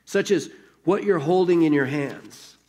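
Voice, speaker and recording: A man's voice: fairly high pitch, unhurried, darkish tone, lightly acted. Man reading as a serene, faithful woman. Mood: calm. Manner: matter-of-fact, serene. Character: calm, faithful young woman prisoner.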